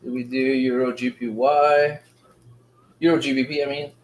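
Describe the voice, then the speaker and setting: A man runs a live forex trading stream in a loose, slangy chat with his viewers. He gets excited as prices move, and his voice sits at a middle pitch. The room around him sounds roomy and echoey. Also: moderate pace. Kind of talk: casual live trading commentary. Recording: roomy echo.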